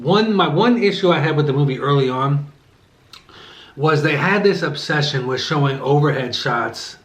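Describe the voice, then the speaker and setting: A man's voice: fairly high pitch, fairly bright tone. Rambling man in an echoey room. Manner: rambling, with many fillers and self-corrections; eating between remarks. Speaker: vlogger reviewing a movie while eating. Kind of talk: casual chat.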